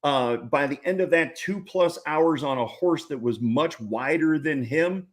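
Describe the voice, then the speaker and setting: A man's voice: fairly high pitch, a little slow. A man, a ranch founder telling a story as an interview guest in a folksy, jokey way. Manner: folksy, jokey, laughs often.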